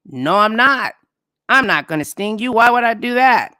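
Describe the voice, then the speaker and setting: A woman's voice: on the high side, expressive, normal speed, pushed and bright, no room sound, studio quality. A woman voicing a sly male scorpion in a spoken fable, sounding smug and mock-innocent.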